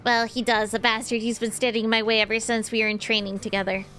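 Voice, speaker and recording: A woman's voice: on the high side, flat delivery, quick pace, fairly bright tone, soft background music. A woman reading the part of a scheming male sorcerer master in a game, haughty and commanding.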